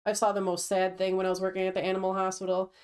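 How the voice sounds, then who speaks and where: A woman's voice: medium pitch, completely flat delivery, rapid-fire, darkish tone, smooth. A woman chatting casually with a friend on a stream, telling stories in a matter-of-fact way. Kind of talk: casual chat.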